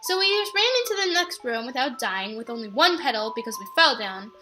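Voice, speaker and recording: A young woman narrating her let's play of a horror game in a chatty, excitable way, often breaking into her characters' lines. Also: a little high, fairly quick, music in the background. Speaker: gaming channel host.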